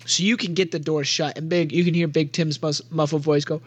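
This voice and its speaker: The recording is dry, capturing a young man's husky voice on the high side, a little fast and with little pitch movement. Serving as game master for a tabletop RPG, he narrates in a giggly, rambling way packed with fillers like "like."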